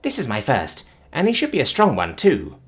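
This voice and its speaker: A man's voice: medium pitch, wildly swooping pitch, moderate pace, pitched above the performer's own voice. A man voicing an eager, enthusiastic young female alien who speaks with a strong accent.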